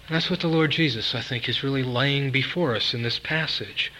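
A man's voice: mid-range voice, brisk, few pauses, sharp tone, rough recording. A man preaching a sermon, earnest and rising to emphatic peaks on key phrases.

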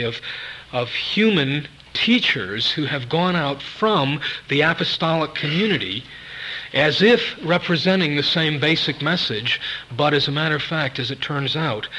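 Earnest bright-voiced male preacher. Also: a little high, low-quality recording. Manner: earnest, rising to emphatic peaks on key phrases. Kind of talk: sermon.

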